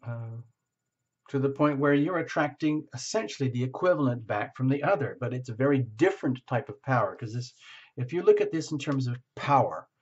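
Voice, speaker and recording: A man's voice: medium pitch, expressive, brisk, slightly rough. A man doing a tarot reading, talking frankly and searching aloud for the right words. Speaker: tarot reader. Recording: slightly muffled lo-fi recording.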